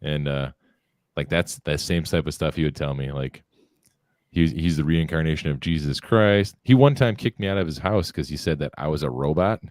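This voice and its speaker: A man's voice: extremely low pitch, normal speed, a little mellow, no room sound. A man co-hosting a podcast, telling stories in a laid-back, joking way. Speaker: podcast co-host. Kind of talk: casual chat.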